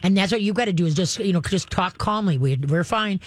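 A woman dog trainer answers callers on a radio show in a dry, close recording. She explains leash handling step by step. She drops into a soft, low voice to act out calm commands to a dog. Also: brisk, hardly any pauses, dry recording. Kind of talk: call-in radio advice.

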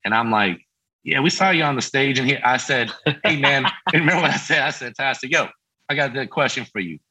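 On a low-quality recording, a husky, fast-talking middle-aged man with a medium-pitched voice shares a story in casual chat. He's a guest from a band, lively and performing the voices of those he quotes.

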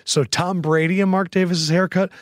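A man's voice: high-pitched, little pitch movement, moderate pace, no echo, studio quality. A man hosting a sports podcast, asking teasing questions in casual chat. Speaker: podcast host.

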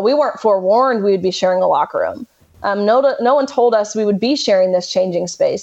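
A woman's voice: medium pitch, a little mellow, lo-fi sound. A young woman in her twenties, speaking as an interview guest in an emphatic, indignant way. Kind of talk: conversational interview.

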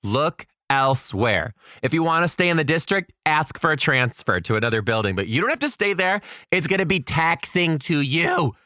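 A man's voice: fairly high pitch, normal speed, hardly any pauses, no room sound, studio quality. A young adult man, a teacher, telling a story and giving emphatic career advice. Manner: animated, emphatic, quotes people dramatically.

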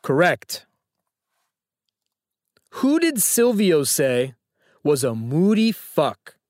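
A man's voice: a little high, sing-song, extremely slow, darkish tone, no echo, studio quality. A man hosting a phone-in trivia quiz, teasing and joking with callers. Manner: playful, teasing. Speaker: trivia show host.

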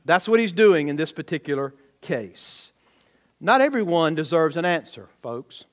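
A man's voice: on the high side, big pitch swings, moderate pace. A man preaching a sermon, emphatic and often putting rhetorical questions to the congregation. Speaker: pastor.

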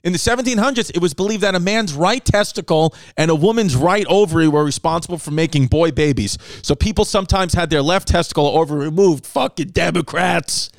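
A brash, foul-mouthed male comedian runs a podcast segment, reading odd facts and riffing on them loudly. His voice sits a bit high for a man. The sound is close and dry, with no room in it. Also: a little fast, creaky, hardly any pauses, no room sound. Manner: loud, brash, swears a lot, animated voices for others.

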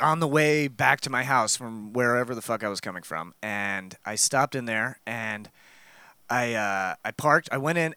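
A man's voice: mid-range voice, bright, forceful tone, clear, resonant tone, no room sound. A man chatting casually, telling a long rambling story full of fillers and swearing. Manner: rambling, profane, lots of fillers. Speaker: storyteller in group chat. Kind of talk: casual podcast chat.

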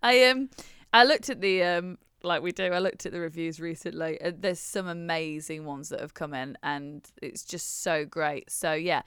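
A woman's voice: low-pitched, moderate pace, hardly any pauses, fairly bright tone, smooth, no echo, studio quality. A young woman co-hosting a podcast in casual chat, laughing often. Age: young adult. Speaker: podcast co-host.

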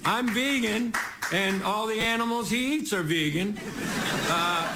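A man from Texas delivers a meandering comedy monologue in a fairly high voice, mocking himself and chuckling at his own jokes. It comes from a noisy broadcast clip, with the studio audience's laughter rising behind him. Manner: rambling, self-mocking, chuckles through his punchlines. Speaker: guest host giving a comedy monologue. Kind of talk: stand-up monologue. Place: TV studio stage with a live audience.

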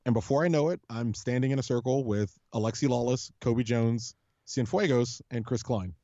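A man's voice: mid-range voice, normal speed, dark tone, no echo, lo-fi sound. A man co-hosting a casual podcast about a soccer club, telling long rambling stories with lots of restarts and casual swearing. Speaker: podcast co-host, supporters' group leader.

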